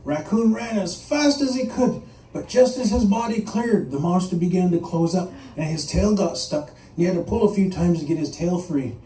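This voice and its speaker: A man telling a traditional animal tale in an animated, playful way to a live audience. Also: sits high, normal speed, slight background noise. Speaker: storyteller. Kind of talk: live oral storytelling. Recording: echoey room, mic at a distance.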